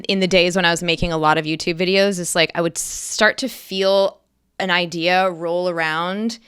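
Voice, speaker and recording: A middle-aged woman, an actress, chatting as an interview guest and telling animated stories with lively quoted bursts. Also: lowish voice, clear, resonant tone, dry recording, studio quality. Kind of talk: casual interview chat.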